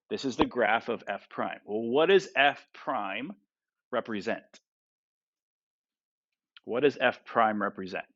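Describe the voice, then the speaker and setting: A man's voice: lowish voice, slow, long pauses, a bit bright, highs cut off. A man teaching a math class, who keeps asking his students questions and tags his points with "right?" and "okay?". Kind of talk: classroom lecture.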